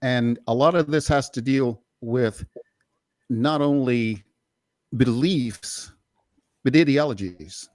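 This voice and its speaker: A man's voice: mid-range voice, slow, long pauses, a little mellow, no echo, clean studio sound. A man from the United States speaking earnestly on a political podcast panel, in a speechlike delivery with restarts. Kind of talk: casual political discussion.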